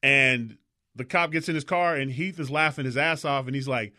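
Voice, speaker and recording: A man co-hosting a talk show, telling rambling, animated anecdotes in casual chat. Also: mid-range voice, normal speed. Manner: slips into mock voices.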